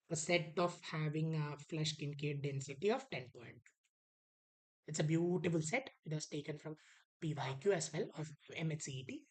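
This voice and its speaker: A woman's voice: low voice, poor audio. A woman, teaching an online exam prep lesson, repeating key words and acting out an author's attitude.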